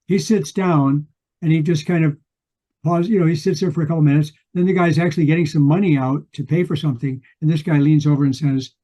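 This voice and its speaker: A man's voice: a little high, steady tone, fast talker, warm tone. An older man co-hosting a book podcast, retelling a story in a rambling way with many restarts. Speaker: podcast co-host. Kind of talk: casual book discussion.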